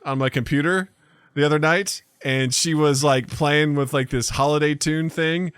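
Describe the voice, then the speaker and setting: A middle-aged man on a podcast, telling animated stories and acting out quotes in casual chat. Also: on the high side, moderate pace, smooth, no room sound, studio quality. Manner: animated storytelling, acts out quotes. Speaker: podcast guest, filmmaker.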